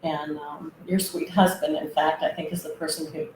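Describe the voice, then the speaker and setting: A woman guest telling a personal story, hesitant and reflective, with many pauses and fillers. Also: low-pitched, little pitch movement, a little mellow, a little hiss or hum. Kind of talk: personal testimony. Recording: roomy echo.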